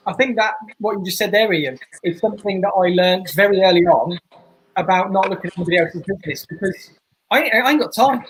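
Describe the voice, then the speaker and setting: Male podcast guest, husky, high-pitched, earnest. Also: brisk, fairly bright tone, poor audio. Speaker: podcast guest, barbershop owner. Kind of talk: casual podcast chat.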